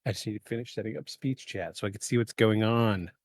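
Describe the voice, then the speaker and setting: Rambling man clearing his throat. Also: lowish voice, quick pace, no room sound. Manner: rambling, many fillers, self-correcting. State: keeps clearing throat from pollen allergies. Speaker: podcast host. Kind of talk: casual live podcast chat. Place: home setup in the eastern US.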